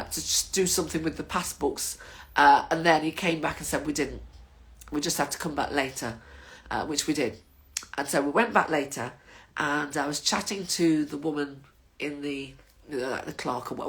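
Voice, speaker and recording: A woman's voice: low voice, a bit bright. An older woman, chatting casually to her viewers in a rambling, waffling monologue as the host of her own vlog.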